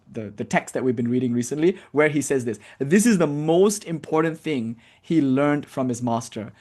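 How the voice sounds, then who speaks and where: A male spiritual teacher gives a casual lecture in a slightly high voice. He is animated and blunt, drops the odd swear word and acts out his examples.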